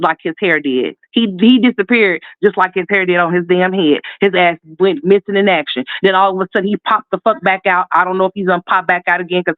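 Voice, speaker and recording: A man with a notably high voice delivers fiery, profane, sassy commentary. The sound is thin and phone-like, with no room at all around it. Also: clear, resonant tone, dry recording. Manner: heated, profane, sassy ranting. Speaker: commentary host. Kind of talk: ranting commentary. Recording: tinny phone-like dry sound.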